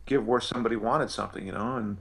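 A man's voice: lowish voice, fairly even intonation, fast, gravelly, a bit bright. A male actor telling anecdotes in an interview, rambling with many restarts and fillers. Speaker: actor guest.

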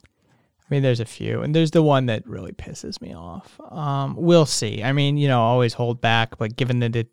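Male solo podcast host, sleepy and meandering, mid-pitched resonant voice, dry close mic, casual cursing. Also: normal speed, creaky, a little mellow, smooth, dry recording. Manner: meandering, frequent fillers and restarts, swears casually. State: tired, yawning. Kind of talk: casual rambling monologue.

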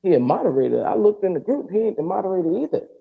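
A man hosting a podcast, telling a story in a casual, profane and animated way and acting out the dialogue. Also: high voice, rapid-fire, gravelly, breathy edge, narrow, tinny audio. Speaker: podcast host.

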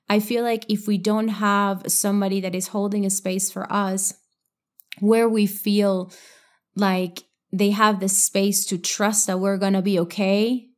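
A young woman talks through a personal story as a podcast host, earnest and reflective. She leans on "like" often as she works through her thoughts. Her pitch sits in a middling range. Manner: earnest, reflective, frequent "like" fillers.

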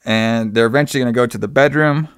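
A man loosely recounts a film's plot in a casual chat, leaning on fillers and quoting characters as he goes. His voice is smooth and resonant, at an ordinary pitch. The recording is dry and close, with no room sound. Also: quick pace, no echo. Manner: loose, filler-heavy retelling with quoted lines.

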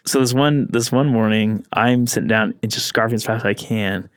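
A man co-hosting a podcast, telling a story in a casual, animated way and laughing often. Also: lowish voice, brisk, smooth, dry recording, clean studio sound. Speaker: podcast co-host.

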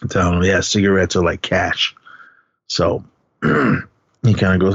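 Man, low voice, casual movie recap, dull dry podcast sound. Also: steady tone, moderate pace, dry recording. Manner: retells scenes, quoting characters in pitched-up voices, laughs often. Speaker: podcast co-host.

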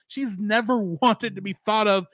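A man's voice: sits high, dry recording, clean studio sound. A man co-hosting a podcast, chatting casually about a TV episode and acting out bits of dialogue. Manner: animated, acts out character lines in quick voices. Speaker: podcast co-host. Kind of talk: casual review chat.

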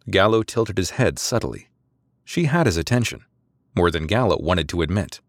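A man narrating an audiobook with measured, expressive storytelling. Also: deep voice, no room sound, studio quality.

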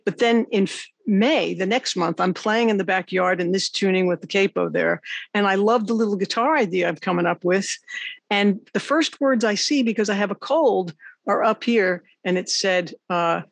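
A woman hosting an interview, a songwriter and teacher, telling animated, rambling stories in casual chat. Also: medium pitch, normal speed, gravelly, dry recording.

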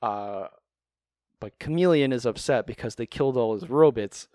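Male podcast co-host, clear and smooth, dry close-mic sound, rambling wry delivery with casual swearing. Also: medium pitch, normal speed, mellow, no echo. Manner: rambling, profane, wry recap storytelling. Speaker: podcast co-host recapping a cartoon. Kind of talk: casual chat.

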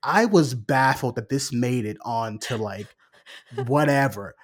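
A man's voice: medium pitch, unhurried. A young man co-hosting a film review podcast, telling a story animatedly, swearing freely and acting out his own reactions. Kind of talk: casual chat.

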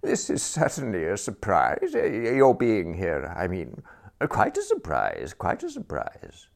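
A man's voice: lowish voice, wildly swooping pitch, a little slow, vocal fry, full character voice. A man voicing a vague, kindly elderly earl who talks eagerly and fussily. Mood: flustered. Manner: eager, fussy, rambling.

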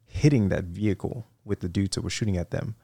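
A man's voice: sits low, a little fast, dark tone, breathy edge, no echo, studio quality. A middle-aged man, a guest in a casual interview, telling stories with lots of fillers and restarts. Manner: rambling, many fillers and restarts. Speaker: guest, retired Marine officer.

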